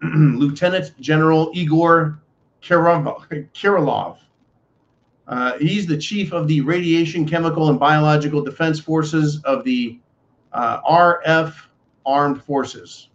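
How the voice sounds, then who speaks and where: A man from the United States delivers a ranting commentary monologue, indignant and sarcastic, and keeps calling his listeners folks. His voice sits a little high for a man. The recording sounds dull and lo-fi. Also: takes it slowly. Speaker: political commentary host. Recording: dull lo-fi audio.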